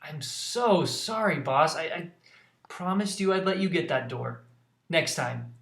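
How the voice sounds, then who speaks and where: A man voicing a chaotic, cheerful young female shapeshifter sidekick in an excitable, gushing way. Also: on the high side, measured pace, creaky, voice pushed up, full character voice. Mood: eager. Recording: roomy echo.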